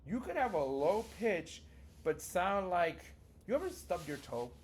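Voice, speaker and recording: A man's voice: sits high, very animated, a little slow, a little hiss or hum. A man talking casually and with many fillers as he teaches public speaking in a video lesson. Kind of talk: teaching video on vocal delivery.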